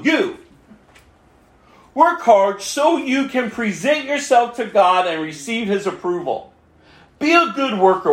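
A man's voice: sits high, a little hiss or hum. Emphatic male pastor preaching in a roomy hall. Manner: emphatic, swings from quiet asides to loud exhortation. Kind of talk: sermon.

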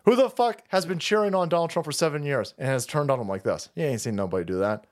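Brief: male streamer, crude, scornful, laughing rant, very animated intonation. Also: fairly high pitch, fast talker. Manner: profane, mocking, laughing ranting. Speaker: political commentary streamer. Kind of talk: livestream rant.

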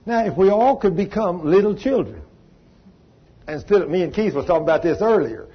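A man's voice: high-pitched, expressive, moderate pace, husky. A man preaching a sermon, telling folksy stories and acting out the people in them, recorded on dull lo-fi audio. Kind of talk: storytelling sermon.

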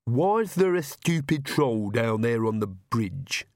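A male reader voices a haughty castle servant from a comic storybook, grumbling slowly. His lines are measured and sour, yet his mid-range voice is very animated. The recording is dry and close, with no room sound.

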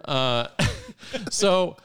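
A man's voice: fairly high pitch, sing-song, extremely slow, a bit bright, faint music behind. A man from the area, a podcast guest telling a long anecdote in a chatty, rambling, self-amused way with many fillers. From Boston area, US. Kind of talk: casual anecdotal storytelling.

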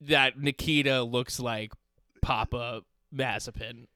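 A man's voice: mid-range voice, fairly even intonation, takes it slowly, sharp tone, no echo, studio quality. A man co-hosting a casual podcast, chatty and agreeable, laughing often. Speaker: podcast co-host. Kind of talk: casual chat.

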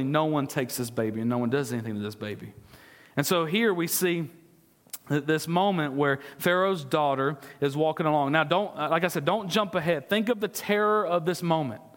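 Pastor, male, earnest preacher with a fairly high voice, questioning his congregation, some stammered restarts, recorded in an echoey church hall. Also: normal speed, a bit bright. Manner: earnest, asks the congregation questions, stumbles and repeats words. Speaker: discipleship pastor. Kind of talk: sermon. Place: church sanctuary.

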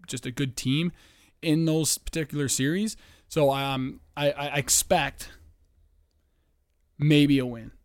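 A man's voice: medium pitch, smooth, no echo. A man hosting a casual solo podcast, rambling with lots of fillers, restarts and swearing. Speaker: podcast host.

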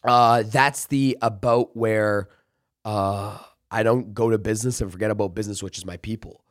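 A man's voice: lowish voice, fairly even intonation, normal speed, no room sound, studio quality. A man talking as a sales trainer in a casual podcast interview, emphatic and coaching, acting out pep talks. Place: office.

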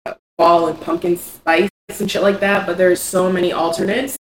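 A young woman co-hosting a podcast in casual chat, frank and expressive, swearing freely. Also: fairly low pitch, normal speed. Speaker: podcast co-host. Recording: echoey room, faint background noise.

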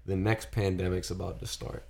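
A man's voice: deep voice, level tone, moderate pace, gravelly, a little mellow. A young man co-hosting a podcast, loose and swearing as he sets up comedy bits. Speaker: podcast co-host. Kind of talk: casual chat.

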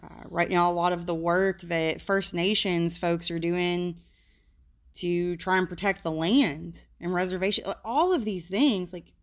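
A woman working as a social worker, talking frankly and casually about emotions, with the odd swear word. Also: mid-range voice.

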